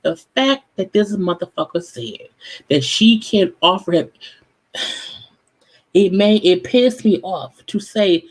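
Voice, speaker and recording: A vlog host runs through a casual recap of a dating show, talking in a blunt, profane, exasperated way. The voice sits at a middle pitch and keeps up a running commentary throughout. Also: expressive, slow pace, pauses often, husky, poor audio.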